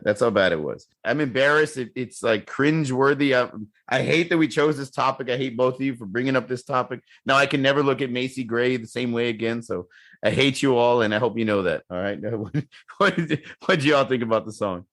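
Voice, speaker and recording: Male podcast co-host, mid pitch, lively and loose, curses, repeats himself. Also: a little fast. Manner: animated, swears freely, repeats words. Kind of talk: casual chat.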